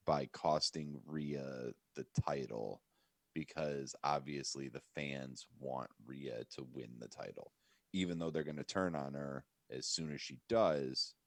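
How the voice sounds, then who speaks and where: A man co-hosting a podcast in casual chat, blunt, opinionated and quick to swear. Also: a bass voice, no echo, clean studio sound. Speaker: podcast co-host.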